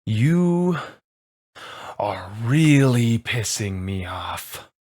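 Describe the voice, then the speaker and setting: A man voicing an unhinged male fantasy villain with a glowing gem, speaking slowly and menacingly and breaking into screams. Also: fairly high pitch, animated, pitched above the performer's own voice. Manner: slow, menacing, bursts into screaming.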